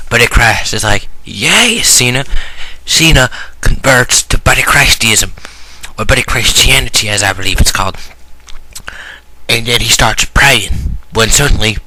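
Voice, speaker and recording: A man vlogging, telling an absurd improvised story in a deadpan, rambling way that sometimes drops to a mumble. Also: mid-range voice, low-quality recording.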